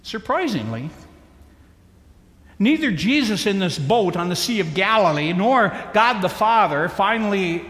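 A male preacher delivers a sermon in a slow, emphatic cadence with dramatic pauses. His voice rides high and swings widely in pitch. The recording is echoey, with a long hall reverb. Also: very animated, fairly bright tone.

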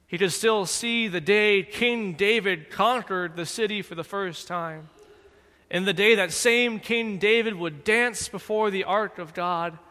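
A man giving dramatic scripted narration in a slow, deliberate, solemn manner. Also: high-pitched, sharp tone, big-room sound.

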